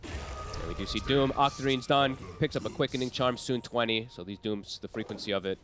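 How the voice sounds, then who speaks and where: A man with a North American accent casting a live esports match, with quick play-by-play and reactions. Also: medium pitch, a bit bright, faint music behind. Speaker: esports caster.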